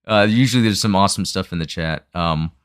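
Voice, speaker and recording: A man hosting a live chat show, talking fast and rambling with lots of fillers and restarts. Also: low voice, clear, resonant tone, no echo, clean studio sound. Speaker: podcast host. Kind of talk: casual chat.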